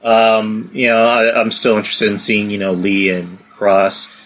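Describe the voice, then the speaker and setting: A man co-hosting a podcast in casual chat, hesitant and halting as he speaks. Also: on the low side, completely flat delivery, fairly bright tone. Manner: hesitant, full of restarts and fillers. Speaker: podcast co-host.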